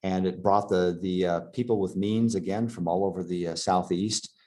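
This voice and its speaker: Man, very deep voice, halting slide lecture, lots of ums and restarts. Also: fairly even intonation, darkish tone. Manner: halting, many fillers and restarts.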